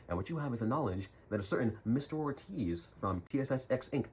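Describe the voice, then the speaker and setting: Fast-talking playful young man. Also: mid-range voice, expressive, a little mellow, a little hiss or hum. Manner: playful, jokey, laughs between lines. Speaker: YouTuber. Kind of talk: casual scenario narration to camera.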